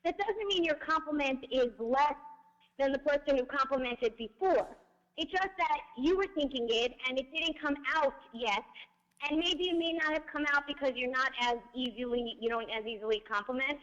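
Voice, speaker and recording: A woman's voice: sits high, normal speed, fairly bright tone, highs cut off. A woman guest in casual chat, earnestly talking through her own experience.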